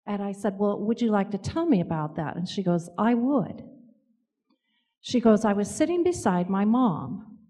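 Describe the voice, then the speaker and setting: A woman telling personal stories in a gentle, reflective way, with pauses. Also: medium pitch, expressive, big-room sound. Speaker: co-author and speaker. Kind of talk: storytelling talk.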